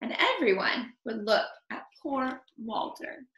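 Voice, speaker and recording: A woman reading a picture book aloud to children, expressive, stopping to comment on the story. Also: a little high, slow. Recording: echoey room.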